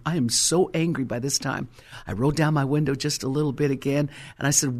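A woman's voice: low-pitched, quick pace. An older woman giving a personal faith testimony, telling her story emphatically and acting out the quotes. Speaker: Christian testimony speaker.

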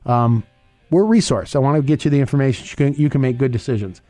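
A man hosts a financial radio hour, rushing through his points with restarts and filler words. His voice sits at a middle pitch and is recorded dry and close. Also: dark tone, dry recording, soft background music. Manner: fast-talking, rambling with restarts and fillers. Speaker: radio show host and investment advisor. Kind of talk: financial advice radio talk.

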